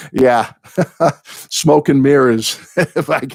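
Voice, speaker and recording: An older man hosting his own live chat, greeting viewers and rambling excitedly through fan stories and thank-yous. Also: medium pitch, drawn-out words, dry recording, studio quality. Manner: rambling, excitable, apologizes for going off on tangents. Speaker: host of a music fan channel.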